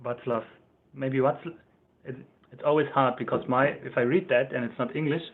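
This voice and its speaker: A German-accented man hosts a casual livestream, rambling from one thought to the next and chuckling as he goes. His voice sits at an ordinary middle pitch. The sound comes through thin and tinny, as if over a phone line. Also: steady tone, fast talker. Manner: chatty, rambling, laughs often, reads out chat comments. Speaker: livestream host.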